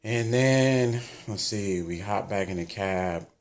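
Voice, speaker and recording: Deep gravelly american guy, telling a travel story, acts out what people said. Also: takes it slowly. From United States. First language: English. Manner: chatty, animated retelling with quoted dialogue. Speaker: vlogger.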